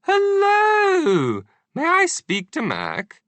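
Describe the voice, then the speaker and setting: A fussy, chatty old queen flutters along in a high, prim voice, as a male audiobook reader puts her on. Her tone sits well above his usual and sounds like a different person, and the recording is dry and close. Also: wildly swooping pitch, extremely slow, fairly bright tone, dry recording, full character voice. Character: chatty elderly Queen of England, fussy and flustered. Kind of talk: audiobook character voice.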